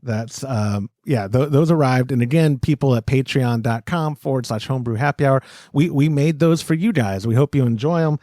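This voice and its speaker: A man hosts a casual podcast with a medium-pitched voice at normal speed, recorded in studio quality with no echo. He chats loosely and animatedly, plugging sponsors, laughing often, and rambling as he corrects himself mid-sentence.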